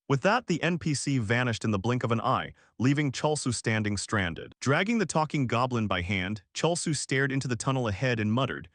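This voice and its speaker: A man narrating a comic story recap in a scripted, animated style. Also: mid-range voice, a little fast, hardly any pauses, no echo, clean studio sound.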